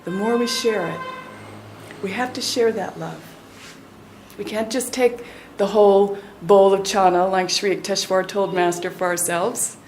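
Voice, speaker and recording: A woman in her sixties from the United States, a spiritual teacher giving a devotional talk with a personal story, earnest and dropping to a soft hush at tender moments. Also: medium pitch, fairly even intonation, a little slow, a little hiss or hum.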